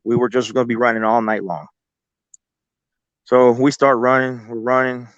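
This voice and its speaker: A man's voice: mid-range voice, fairly even intonation, normal speed, smooth, no echo, dull audio. A man telling a long story casually, cursing freely and acting out what people said. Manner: profane, rambling, quotes people as he goes. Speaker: guest telling an encounter story.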